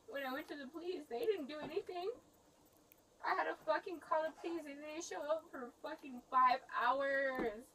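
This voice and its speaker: Distraught woman, high voice, tearful and cursing, distant on a noisy bodycam. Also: brisk, sharp tone. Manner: angry, swearing, bitter laughs. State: crying. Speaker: arrested driver. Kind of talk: bodycam arrest footage. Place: roadside traffic stop, outdoors. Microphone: officer's body camera.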